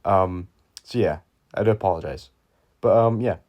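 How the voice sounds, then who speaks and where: A man's voice: low-pitched, moderate pace, lo-fi sound. A young man telling a story time video in a casual, rambling way, full of fillers and swearing. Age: young adult. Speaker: YouTuber.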